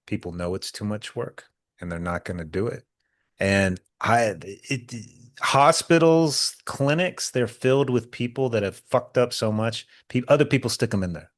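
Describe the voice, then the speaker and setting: A man's voice: medium pitch, expressive, moderate pace, no room sound, clean studio sound. A man co-hosting a podcast who works as a therapist, talking bluntly and profanely in casual chat.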